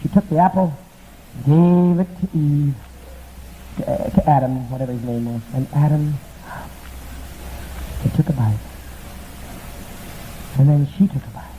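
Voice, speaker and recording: A man preaching with scornful, profane fire, his voice sitting high for a man. It comes through a narrow, phone-thin band on an old archival tape. A faint hiss runs underneath. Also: a little slow, pauses often. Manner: mocking, profane, impassioned. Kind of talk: fiery sermon.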